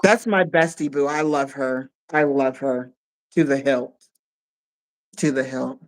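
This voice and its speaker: A woman co-hosting a live stream in a casual chat, who speaks warmly and effusively and often repeats herself. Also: rumbling low, steady tone, a little slow, poor audio.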